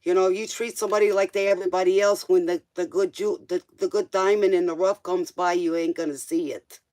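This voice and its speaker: A man's voice: sits high, steady tone, brisk, a little mellow. A man doing a live-stream tarot reading, casual and joking, talking straight to the viewer in loose, slangy speech. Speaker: tarot reader.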